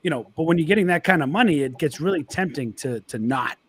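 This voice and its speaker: A man's voice: fairly high pitch, animated, fast, a bit bright, slight background noise. Man telling his side-hustle story. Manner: storytelling with quoted asides. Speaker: guest. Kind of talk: casual livestream chat.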